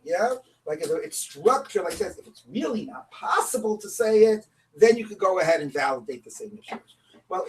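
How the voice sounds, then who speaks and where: A man teaching a Talmud class, explaining in a lively, conversational way and asking rhetorical questions of the students. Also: high-pitched, far from the mic, slight background noise, low-quality recording.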